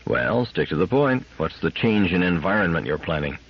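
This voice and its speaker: A man's voice: deep voice, sing-song, moderate pace, breathy edge, exaggerated voice. A man as a weary, grumbling husband. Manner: grumbling and reluctant. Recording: dull lo-fi sound.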